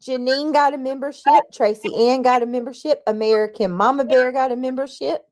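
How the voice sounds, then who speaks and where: A woman's voice: high-pitched, steady tone, a little fast, darkish tone. A woman hosting a livestream, chatting casually and reading out her viewers' comments as she greets them. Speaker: livestream host.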